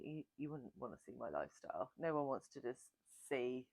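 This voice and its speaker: A woman's voice: rumbling low, no room sound. A woman hosting a book channel, chatting casually and self-mockingly through a Q&A. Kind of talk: casual Q&A chat.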